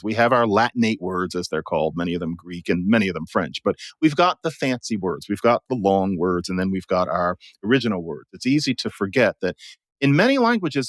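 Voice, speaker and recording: Man, guest commentator, animated and emphatic, wide-swinging pitch, dry close sound. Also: no room sound. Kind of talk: conversational explanation.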